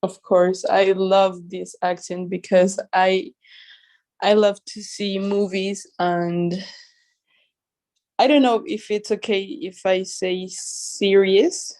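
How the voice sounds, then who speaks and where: Slow, hesitant woman learning English. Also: medium pitch, fairly even intonation, darkish tone. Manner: hesitant, searching for words, shy laughs. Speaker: English student. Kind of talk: answering a teacher's questions.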